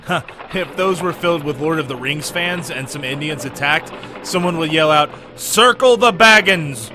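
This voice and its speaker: A man's voice: on the high side, normal speed. A man riffing on an old movie with sarcastic, jokey quips. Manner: sarcastic, jokey quips over film dialogue. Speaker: comedian riffing on a film. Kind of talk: snarky riffing commentary. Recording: film soundtrack music behind.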